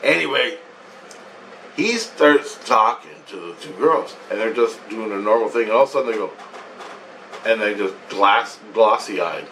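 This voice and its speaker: A man's voice: fairly low pitch, normal speed, a bit bright, a little hiss or hum. Rambling man speaking from a distance. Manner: meandering, profane, repeats himself. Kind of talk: rambling first-person dream account.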